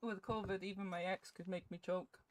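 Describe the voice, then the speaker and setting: A woman's voice: mid-range voice, steady tone, fairly quick, slight background noise. A young woman streaming a game and chatting casually with her viewers, giggling and swearing freely while sounding ill with a cough.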